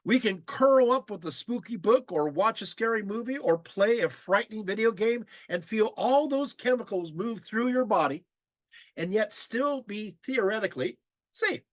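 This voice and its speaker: Lively male lecturer, high voice with big swings, dry close sound, acts out audience reactions. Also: moderate pace, no room sound.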